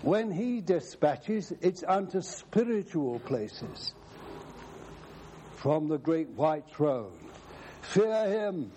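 A male preacher delivers an emphatic sermon, quoting scripture at length. His voice sits a little high, with a mellow, dark tone. He speaks slowly, with wide swings of pitch. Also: big pitch swings, a little hiss or hum.

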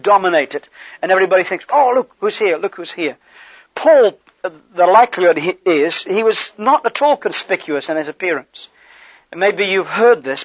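A man preaching a sermon in a conversational, animated way, with asides to the congregation. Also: sits high, no room sound, muffled recording.

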